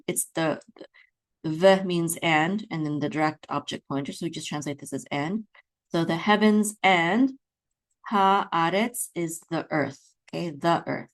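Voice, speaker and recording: A woman teaching beginners to read Hebrew, patiently sounding out words and checking in often. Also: lowish voice. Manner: patient, repeats words slowly, chants trope melodies; frequent checking "okay?" with fillers. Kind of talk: beginner lesson, slow patient explanation.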